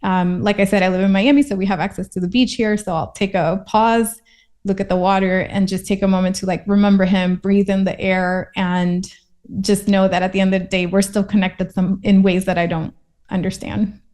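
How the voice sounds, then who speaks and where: A woman's voice: medium pitch, steady tone, a little fast, darkish tone. A woman from Puerto Rico, a guest in a casual interview, talking in a reflective, thoughtful way.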